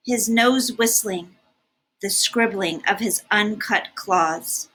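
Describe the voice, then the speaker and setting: A woman reading a picture book aloud with lots of lift and fall in her voice. Her tone is bright and breathy. She takes her time over every line. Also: fairly high pitch, low-quality recording. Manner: animated and expressive. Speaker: storybook reader.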